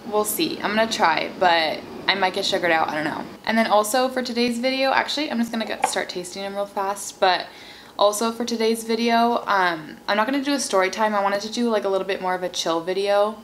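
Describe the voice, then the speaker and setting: A woman's voice: medium pitch, fairly quick, a bit bright, low-quality recording. A bubbly young woman in her twenties chats to her viewers as she tastes food. Her talk is loose and filled with "like" and "um", and it is recorded on a simple camera mic. A faint hiss sits under the voice. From Seattle. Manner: bubbly, chatty, lots of "like" and "um". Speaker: mukbang vlogger. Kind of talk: casual chat while eating.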